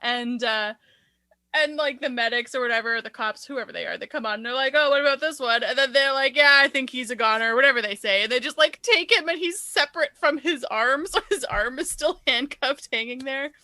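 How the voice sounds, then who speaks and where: High, bright, giggly woman co-host. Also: a little fast, no room sound, clean studio sound. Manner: rambling, filler-heavy, giggly. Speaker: podcast co-host. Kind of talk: casual movie-review chat.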